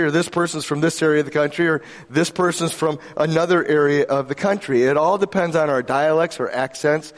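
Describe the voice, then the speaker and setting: Chatty pastor from Michigan, reverberant hall. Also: male voice, fairly high pitch. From Michigan, USA. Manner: conversational, jokey, asks the audience questions. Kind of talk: sermon. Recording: long reverb of a large hall.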